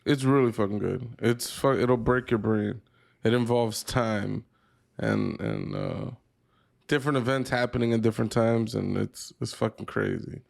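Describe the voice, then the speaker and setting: A man's voice: medium pitch, very animated, normal speed, creaky. A man co-hosting a podcast, telling a rambling, profane story in casual chat. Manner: rambling, profane, laughs a lot. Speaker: podcast co-host.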